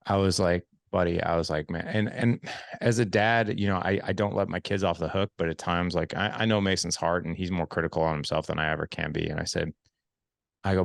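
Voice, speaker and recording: A podcast host in his forties talks earnestly and reflectively, stumbling over and repeating words as his thoughts form. His voice sits very low with a gravelly, fry-edged texture. The sound is close and dry, with almost no room around it. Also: steady tone, a little fast, no echo. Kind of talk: podcast conversation.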